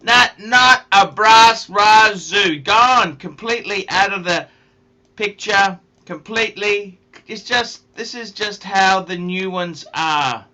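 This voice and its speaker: A man's voice: high voice, takes it slowly, bright, forceful tone, dull audio. A man hosting a casual livestream, chatting and reading out viewer comments in a jokey way. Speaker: livestream host.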